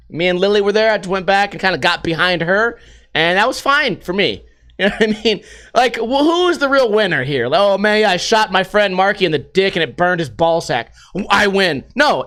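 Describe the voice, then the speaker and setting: A man with a high, bright voice hosts a casual news-commentary podcast. He jokes and curses freely as he goes, and breaks into laughter often. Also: clean tone. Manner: profane and joking, laughs often. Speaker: podcast host.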